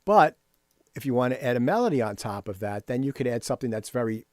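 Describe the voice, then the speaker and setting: Very animated and fast-talking, this man has a medium pitch and a darkish tone. He leads a screen-share rhythm workshop for composers from his computer, scatting patterns out loud and frequently tossing in "right?". The sound is dry and close, with faint music in the background.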